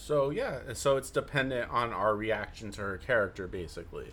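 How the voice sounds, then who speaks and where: Low-voiced man, hesitant podcast co-host. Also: animated, brisk, a bit bright. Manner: thoughtful, hesitant, many ums and uhs. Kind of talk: casual chat.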